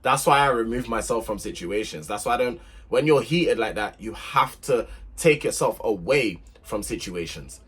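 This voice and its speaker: Husky young guy venting a relationship story, emphatic, keeps repeating himself. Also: lowish voice, expressive, normal speed, a bit bright. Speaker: vlogger. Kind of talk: heated storytime rant to camera.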